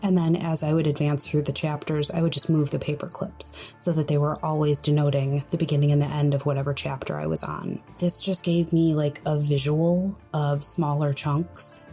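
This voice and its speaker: A young woman hosting a solo podcast, speaking in a quiet, breathy, hushed voice as she gives advice. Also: deep voice. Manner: hushed, soft-spoken, friendly. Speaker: podcast host.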